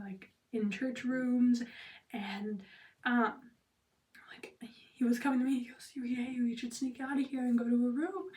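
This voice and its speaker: Young woman vlogging, high voice, rambly storytime vibe, sits a bit back from the mic. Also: distant mic. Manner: chatty, heavy use of "like" and "blah blah", whispers quoted asides. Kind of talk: casual storytelling.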